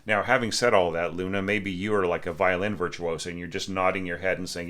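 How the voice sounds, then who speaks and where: A man's voice: low voice, fairly even intonation, fairly quick, few pauses, fairly bright tone. A man reviewing a student's orchestration score in a casual, conversational way, full of fillers and restarts. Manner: hums musical lines aloud. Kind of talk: casual spoken critique.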